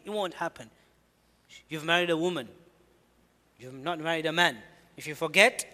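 A man giving an earnest religious lecture, explaining his points and reciting Arabic scripture quickly between them. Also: on the high side, pushed and bright, long reverb tail. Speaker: Islamic preacher.

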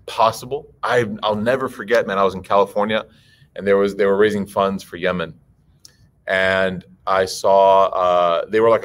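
A man giving a conversational religious talk to a live audience, telling stories in a lively way, acting out other people's voices and asking the crowd questions. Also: fairly low pitch. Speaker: Muslim speaker giving a talk.

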